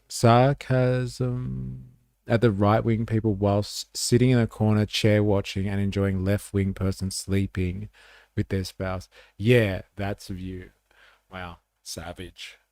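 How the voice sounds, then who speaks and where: A man's voice: low-pitched, dark tone, no room sound, clean studio sound. An Australian man hosting a livestream, reacting to a clip with sarcastic jokes and reading out chat comments. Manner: joking, sarcastic, reads chat aloud. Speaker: livestream host.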